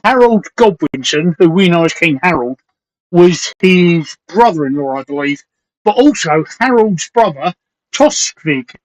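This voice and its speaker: A man hosting a live stream in casual chat, rambling and hesitant, reading aloud with many pauses. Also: sits high, low-quality recording. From London.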